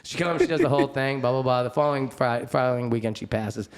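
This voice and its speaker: A middle-aged man hosting a podcast, telling a story in casual chat, swearing often, laughing as he talks and acting out other people's voices. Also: fast. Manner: profane, animated, laughing storyteller; acts out other people's voices with big pitch jumps. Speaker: podcast host.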